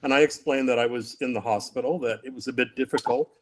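A man's voice: medium pitch, fairly even intonation, fast. An older man on a discussion panel, telling a story vividly and acting out the quotes. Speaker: panel guest recounting captivity.

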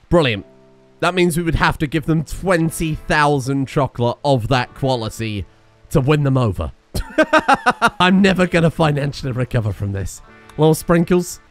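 A man's voice: fairly high pitch, no room sound. A man casually commentating his own gameplay, breaking into exclaims and laughter. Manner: excitable, laughs and exclaims in bursts. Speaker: gaming video host.

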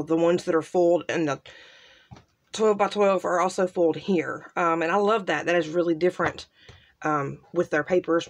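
Slow, soft-spoken woman gushing over craft papers. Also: sits low. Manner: gushing, soft-spoken, trails off into quiet asides. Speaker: crafting channel host. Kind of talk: casual unboxing show-and-tell.

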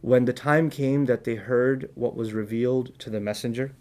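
A man with a voice of ordinary pitch delivers a religious advice talk. He speaks earnestly, telling personal stories and translating verses line by line. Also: steady tone, normal speed, few pauses, darkish tone. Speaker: Islamic speaker.

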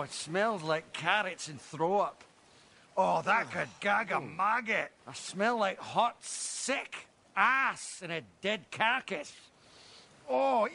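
A man's voice: high voice, vocal fry, sharp tone, heavily acted. A man doing a comedic impression of an obese, crude, gluttonous Scottish man who bellows and boasts. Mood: gleeful sniffing.

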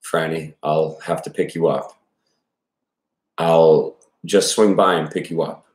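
A man's voice: rumbling low, fairly even intonation, slow pace. A man voicing a panicked middle-aged father who stammers and nearly screams, his voice breaking. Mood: shaken. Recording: echoey room.

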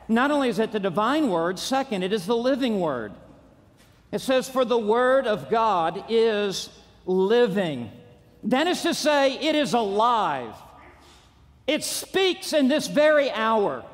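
A man preaching a conference sermon, driving his points home with punchy repetition and rising to shouts. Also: very high voice. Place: large auditorium. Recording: long reverb of a large hall.

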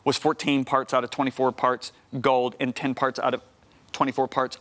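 A man's voice: mid-range voice, little pitch movement, moderate pace, a bit bright. A middle-aged man preaching as a guest on a Christian TV show, telling a personal story energetically, repeating words and acting out conversations. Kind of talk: animated storytelling testimony. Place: TV studio.

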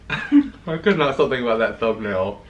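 A man, co-hosting a casual mukbang and chatting excitably between bites. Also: on the low side, gravelly, slight background noise. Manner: chatty, excitable, talks while eating. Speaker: co-host.

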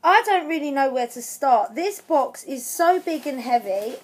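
A woman chatting through an unboxing on her craft channel, emotional, gushing with thanks and shaky with excitement. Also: sits high, a little slow. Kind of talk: unboxing vlog chat.

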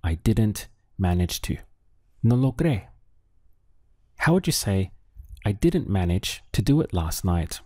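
A man teaching a Spanish lesson, slowly and patiently, with pauses for the listener to think. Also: fairly low pitch, very animated, a little mellow, dry recording, studio quality. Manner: slow, patient, with drill pauses. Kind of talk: audio language lesson.

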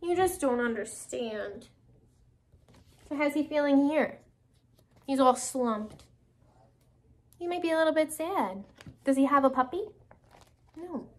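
Lively high-voiced woman teacher. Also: measured pace, long pauses. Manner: questioning, encouraging. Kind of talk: reading a picture book aloud to children.

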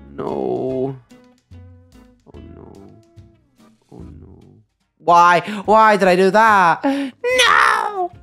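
A man giving excited live gameplay commentary, talking to himself and shouting at his mistakes. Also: a little high, creaky, clear, resonant tone. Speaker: gaming YouTuber.

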